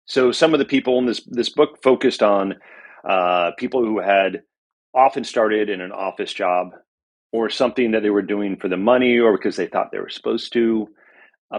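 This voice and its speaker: This author and journalist guest is a middle-aged man with a fairly low, husky voice. During a conversational interview he reflects and tells stories, peppering his speech with frequent fillers.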